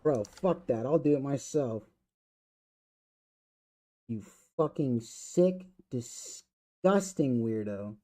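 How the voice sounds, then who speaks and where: A man streaming a game who angrily swears at and scolds his chat, then vents in a fast rant. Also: lively intonation, mellow, low-quality recording. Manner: muttering, drops to low volume while filing a report. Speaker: gaming streamer. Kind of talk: live-stream chat reaction.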